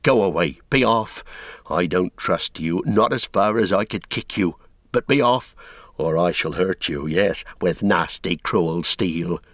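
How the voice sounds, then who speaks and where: A blunt, wary male hobbit servant speaks in a low, unhurried voice, as a man reads him in a storybook. His words are plain and scornful, delivered in a dry, close sound. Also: expressive, no echo.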